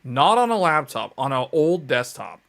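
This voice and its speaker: A man's voice: fairly high pitch, sing-song, normal speed, gravelly, a bit bright. A man hosting a casual tech show, chatting animatedly with lots of fillers and exasperated outbursts, sometimes murmuring chat comments aloud.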